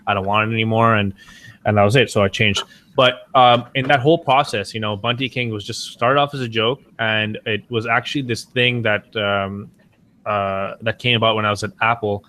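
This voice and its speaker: A man's voice: on the low side, steady tone, normal speed, pushed and bright. A man, a streamer and podcast guest, telling stories in casual chat, rambling and swearing with many restarts.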